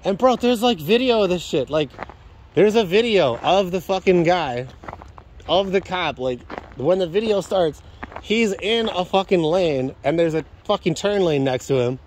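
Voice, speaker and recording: A man's voice: sits high, lively intonation, a little mellow, slight background noise. A young man venting in an angry rant, swearing heavily and piling up complaints in long run-on sentences. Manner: furious, heavy swearing, rapid run-on complaints.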